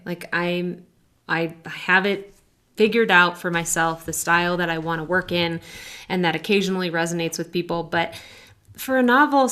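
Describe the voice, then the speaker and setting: A woman's voice: on the low side, a bit bright. A woman in her thirties co-hosting a podcast, chatting candidly and self-deprecatingly about her writing doubts. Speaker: podcast co-host. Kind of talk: casual chat.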